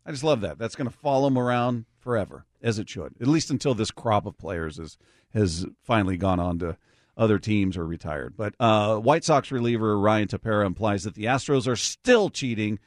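Middle-aged male radio host, lowish voice, dry close mic, easygoing chatter with frequent laughs. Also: lively intonation, fairly quick, dry recording. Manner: chatty, laughs often, reads the text line. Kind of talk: casual sports talk. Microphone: studio microphone.

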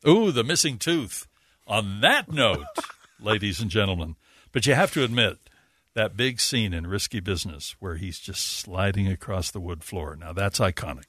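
A man's voice: sits low, moderate pace, pushed and bright. A man hosting a radio show in a studio, teasing his guests with jokes. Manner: playful, teasing. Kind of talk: jokey studio chat.

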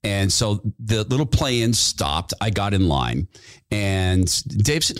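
A man hosting his own talk show, telling a personal story with lively delivery and acting out the voices of the people he quotes. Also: on the low side, takes it slowly, no room sound, clean studio sound. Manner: animated, acts out quoted voices. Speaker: radio show host. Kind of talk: storytelling monologue.

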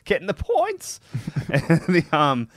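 A man's voice: on the high side, wildly swooping pitch, slow, no echo. Australian man, young adult, casual sweary banter, dry close sound. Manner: sweary storytelling, laughs often. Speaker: podcast co-host.

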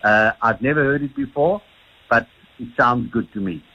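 A South African man on a radio call-in, a doctor explaining things slowly. His voice is husky and the line is dull and lo-fi. He restarts and repeats words as he thinks. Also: mid-range voice, sharp tone. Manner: hesitant, repeats words often. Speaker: sleep doctor guest. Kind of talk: radio phone-in interview.

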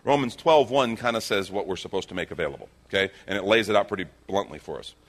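A husky-voiced man preaching a sermon as pastor, acting out scripture scenes with lively swings in his voice. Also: a little fast. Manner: animated, acts out quotes with big pitch swings.

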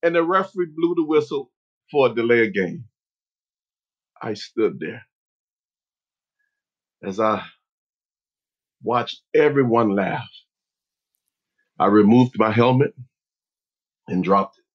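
A man telling a personal story as a motivational talk, speaking slowly and earnestly with pauses. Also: mid-range voice, expressive, lo-fi sound.

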